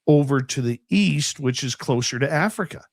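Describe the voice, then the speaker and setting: A man's voice: mid-range voice, expressive, moderate pace, no echo, clean studio sound. A man hosting a radio interview, reading listener questions in a plain, matter-of-fact way. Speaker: radio show host.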